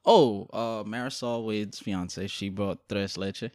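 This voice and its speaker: Man, casual chat, relaxed storyteller, lots of ums, dry close sound. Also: on the low side, slow pace, no echo. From Guyanese family. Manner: laid-back storytelling with frequent ums.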